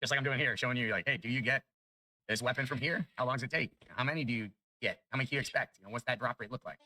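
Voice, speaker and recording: A man giving chatty, excitable commentary over his own gameplay, jumping up in pitch when good loot drops. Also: very fast, no echo, rough recording. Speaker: gaming YouTuber. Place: home room.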